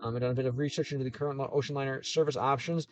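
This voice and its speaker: Man, livestreamer, casual comment-reading chat, rambling, easygoing, average-pitched voice, soft game music in the background. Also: fairly even intonation, racing, highs cut off. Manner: rambling, self-interrupting, easygoing. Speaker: YouTuber streamer. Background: faint game soundtrack music.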